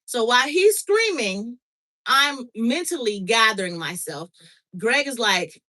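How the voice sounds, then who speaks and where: A middle-aged woman tells a story in a casual chat, her voice bright and a little high. She is animated, acts out the dialogue and keeps checking in with her listener. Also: unhurried, low-quality recording. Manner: animated, reenacts dialogue, frequent "okay?" check-ins. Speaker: podcast host.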